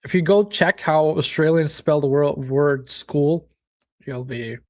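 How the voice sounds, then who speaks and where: A man's voice: fairly high pitch, measured pace. A man hosting a live football watchalong, chatting casually, reacting to the match and viewers' comments, with occasional swearing. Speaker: watchalong host.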